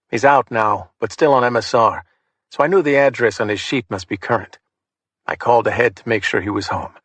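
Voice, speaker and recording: A man narrating a crime thriller audiobook in the first person, steady and matter-of-fact. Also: medium pitch, no echo.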